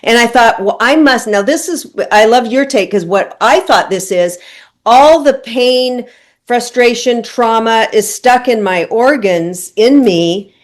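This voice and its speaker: A woman's voice: on the high side, animated, a little slow. A woman in her sixties hosting an interview, talking openly and personally as she asks about her own experience. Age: 60s. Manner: open, personal, searching. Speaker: podcast host. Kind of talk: conversational interview.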